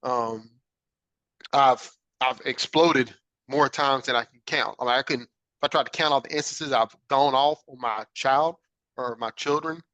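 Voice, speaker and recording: Bright-voiced man telling a personal story. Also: mid-range voice, measured pace, no echo, rough recording. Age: adult father. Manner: earnest, reflective, frequent "right?" check-ins. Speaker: podcast host.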